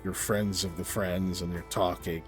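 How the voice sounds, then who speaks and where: A man voicing a gruff male lead wolf of a pack, speaking low and muttering as he sizes up a stranger. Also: fairly even intonation, normal speed, faint music behind, lightly acted. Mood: suspicious.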